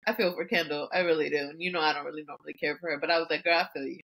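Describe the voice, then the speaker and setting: A woman co-hosting a casual podcast, chiming in with relaxed remarks. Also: deep voice, racing, slightly rough, rough recording. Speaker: podcast co-host. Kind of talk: casual chat.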